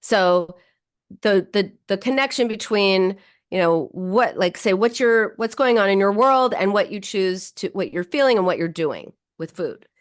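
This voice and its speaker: Animated woman psychologist hosting a talk show. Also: a little slow. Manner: animated, jumps higher when voicing inner thoughts; loose, with frequent restarts and fillers. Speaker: psychologist and radio show host. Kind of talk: radio talk show and livestream chat.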